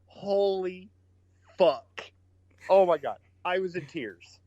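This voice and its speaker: A fairly high-voiced man chats as a podcast co-host, excitable and foul-mouthed, often laughing through his own stories. The sound is dry and close, with almost no room around him. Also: slow pace, no room sound, highs cut off. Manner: excitable, swears a lot, laughs while retelling. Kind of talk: casual profane chat.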